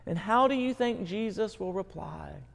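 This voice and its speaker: A man's voice: high voice, animated, moderate pace, creaky. A male pastor preaching a sermon in an earnest, emphatic way. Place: church sanctuary. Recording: long church hall reverb.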